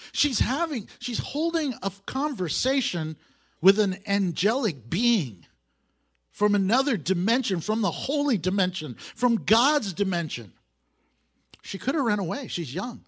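Male pastor, high and lively voice, preaching with laughs and swings in energy. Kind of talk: sermon.

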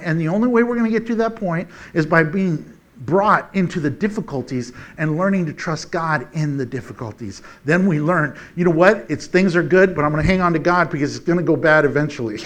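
Man, high-pitched voice, folksy animated preacher, chuckles often, conversational sermon.

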